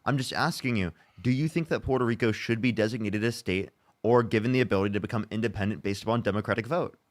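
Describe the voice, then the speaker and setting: A man's voice: lowish voice, fast talker, no room sound. A young man hosting a livestream debate. He presses guests for answers with exasperation and rattles off thank-yous to donors. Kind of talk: heated live debate and donation shout-outs.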